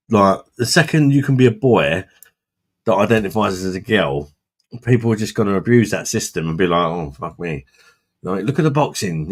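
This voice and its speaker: A man hosting a casual live stream, chatting with viewers in a blunt, sweary way and laughing often. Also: on the low side. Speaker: livestream host reading chat.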